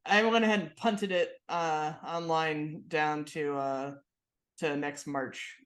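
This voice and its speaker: A woman's voice: low-pitched, steady tone, slow pace, roomy sound. A woman in her thirties co-hosting a podcast, telling stories in a chatty way with plenty of fillers and laughs. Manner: chatty storyteller, lots of "like" and laughs. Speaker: podcast co-host. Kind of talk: casual chat.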